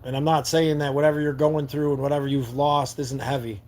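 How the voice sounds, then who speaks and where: A man's voice: medium pitch, flat delivery, a little fast, a little mellow. A man from New York State hosting a live stream from a camper van and answering viewer comments in an earnest, heartfelt way, often repeating words as he searches for them.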